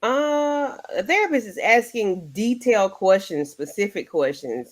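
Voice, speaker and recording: A woman panelist in a casual online discussion, animated and full of rhetorical questions. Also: medium pitch, measured pace.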